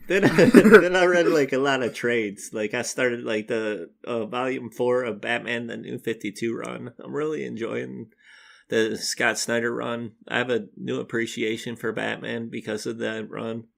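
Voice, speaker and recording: A man with a gravelly edge to his voice, chatting casually as a podcast co-host. He rambles along in an upbeat way and laughs easily, at a middle pitch. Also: little pitch movement, a little slow, a bit bright. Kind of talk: casual chat.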